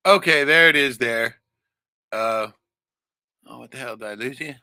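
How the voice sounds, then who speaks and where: A man's voice: mid-range voice, moderate pace, sharp tone, slight background noise. A man on a casual podcast, rambling and swearing a lot, often tagging lines with "right?". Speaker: podcast co-host. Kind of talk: casual profane chat.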